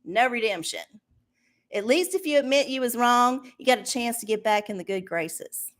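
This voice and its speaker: A woman's voice: on the high side, lively intonation, normal speed, fairly bright tone. A woman hosting a casual livestream, ranting and swearing with a sarcastic edge. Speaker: livestream host.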